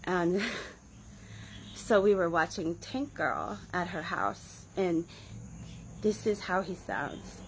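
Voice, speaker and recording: A woman's voice: fairly low pitch, animated, slow, long pauses, a little hiss or hum, rough recording. A woman in her forties telling a rambling, sardonic story to the camera, with frequent laughs and side remarks. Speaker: vlogger recounting her past in a cult. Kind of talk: casual storytelling monologue.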